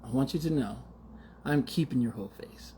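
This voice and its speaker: A man's voice: mid-range voice, a little fast, mellow, a little hiss or hum. A man in his forties hosting a podcast, talking in a casual, slangy, mock-outraged monologue with frequent laughter. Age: 40s. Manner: slangy, teasing. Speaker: podcast host.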